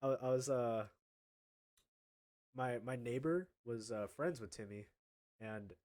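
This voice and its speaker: A man's voice: mid-range voice, slow pace, a little mellow. A man in his twenties telling a casual storytime anecdote, laughing often and stammering through restarts.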